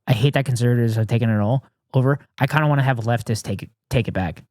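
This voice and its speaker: A man's voice: mid-range voice, fast talker, darkish tone, no room sound, studio quality. A man streaming from home, reacting to videos in casual chat, swearing freely and telling stories. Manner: profane, riffing and storytelling.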